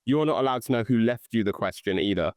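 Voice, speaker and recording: A British man hosting a podcast in casual chat, rapid and full of restarts. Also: fairly low pitch, lively intonation, no echo, studio quality. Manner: quick, restarts phrases often. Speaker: podcast host.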